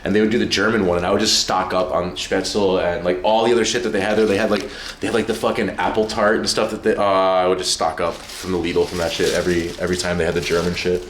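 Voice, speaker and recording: A man streaming from home, chatting casually, excitable and profane, rambling from one thing to the next. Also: deep voice, fast, hardly any pauses, echoey room, slight background noise. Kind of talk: casual livestream chat.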